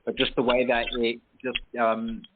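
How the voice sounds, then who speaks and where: A British man hosting an online poetry radio show, chatting casually with many pauses and restarts. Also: mid-range voice, completely flat delivery, very noisy. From Britain. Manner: hesitant, many ums and restarts. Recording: tinny phone-like line.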